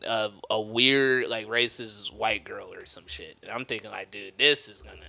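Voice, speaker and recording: Animated young man telling a comedy story. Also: fairly low pitch, normal speed, creaky. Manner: animated, acts out voices of others, laughs often. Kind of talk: casual storytelling chat.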